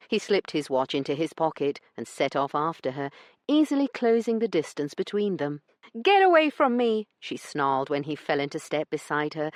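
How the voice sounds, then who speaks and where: Low-voiced expressive woman narrator. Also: dry recording, clean studio sound. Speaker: audiobook narrator. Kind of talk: scripted narration.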